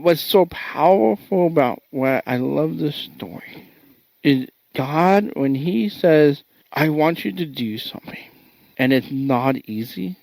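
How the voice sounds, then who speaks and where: A man hosts a faith-based podcast and reflects on his guest's story, encouraging and thoughtful. His voice is mid-pitched. He is recorded dry and close. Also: vocal fry, darkish tone, dry recording, poor audio. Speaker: podcast host.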